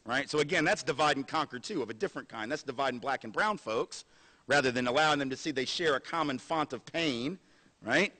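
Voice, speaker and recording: A man lecturing at a university with an animated, sarcastic energy. He talks conversationally, in a fairly high voice. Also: fast talker. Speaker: guest lecturer. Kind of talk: public lecture.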